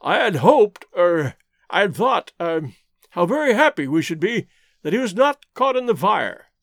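A man doing a fussy elderly scholar from a classic novel, stammering and flustered, tripping over his phrases. The voice is high and animated. It is recorded dry. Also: quick pace, dry recording.

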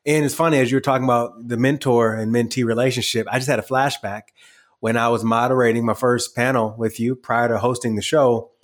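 A man hosting an interview podcast, animated and laughing often as he acts out quotes. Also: medium pitch, a little fast. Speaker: podcast host. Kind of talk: conversational interview.

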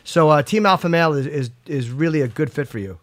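Fast-talking joking male podcast host. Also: fairly high pitch, no room sound. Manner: quick, joking, teasing. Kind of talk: casual podcast chat.

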